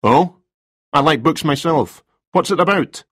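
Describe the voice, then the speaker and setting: A man's voice: fairly high pitch, animated, a little slow, no room sound, studio quality, voice pushed up. A man voicing a cold, polite detective. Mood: probing. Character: cool, formal male police detective. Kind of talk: storybook reading.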